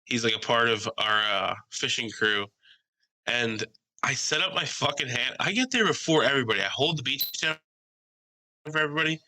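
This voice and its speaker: A young man co-hosting a casual podcast, telling animated stories, swearing freely and mimicking other people's voices. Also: mid-range voice, normal speed, poor audio. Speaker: podcast co-host.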